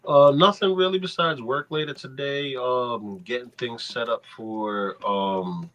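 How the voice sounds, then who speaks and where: A man's voice: mid-range voice, measured pace, fairly bright tone. A man of forty chatting casually, hesitant and goofy, with many fillers. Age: 40s. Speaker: podcast panelist.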